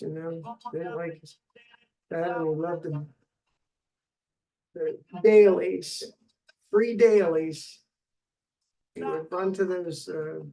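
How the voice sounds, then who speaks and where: A man's voice: a little high, creaky, mellow, poor audio. A middle-aged man and father rambling through a personal video diary, meandering with many fillers and restarts. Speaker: father recording a video log.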